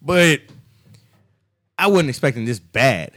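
A man's voice: medium pitch, expressive, slow, a bit bright. A man co-hosting a casual sports chat, ranting in an exasperated way. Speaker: sports podcast co-host.

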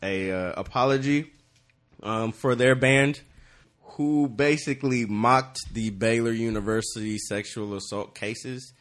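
A man chats loosely on a podcast, pausing often with fillers and swearing casually. His voice sits at a middle pitch and never sounds scripted. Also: a bit bright. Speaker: podcast co-host. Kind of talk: casual chat.

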